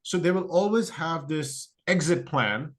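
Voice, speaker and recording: This interview guest on a podcast has a higher voice with lively intonation and a somewhat slow delivery. He comes across as thoughtful and conversational, filling his speech with fillers and restarts and dramatizing other people's excuses when quoting them.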